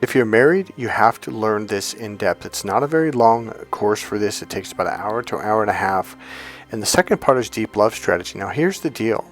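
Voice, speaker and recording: A man's voice: lowish voice, fairly quick, faint music behind. A man, a relationship and communication coach, giving a motivational teaching talk and acting out quoted voices as he tells stories. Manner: animated storyteller, acts out quoted voices.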